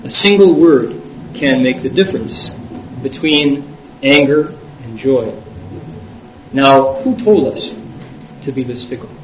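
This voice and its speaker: A man's voice: medium pitch, sing-song, takes it slowly, pauses often, a crowd in the background. Man interpreting a talk in a roomy hall. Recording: echoey, distant, dull lo-fi recording.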